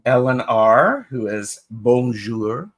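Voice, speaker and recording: Unhurried man greeting a live-stream chat. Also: medium pitch, animated, a bit bright. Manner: unhurried, greets chatters by name with fillers and restarts. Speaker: co-host of a live tarot stream.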